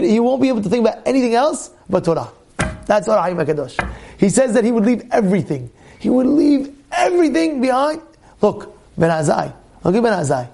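A man teaching a lively Torah class as a rabbi, animated, often acting out other people's voices and restarting his phrases. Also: high voice, vocal fry, slight background noise. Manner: animated, acts out quoted voices, many quick restarts.

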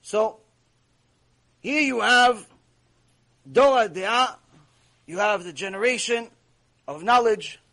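With a high, bright, forceful voice, a man speaks slowly with long pauses as he delivers a sermon-style Torah lecture as a rabbi. Addressing a live audience directly in a warm lecture room, he preaches emphatically, repeats key phrases, and asks rhetorical questions.

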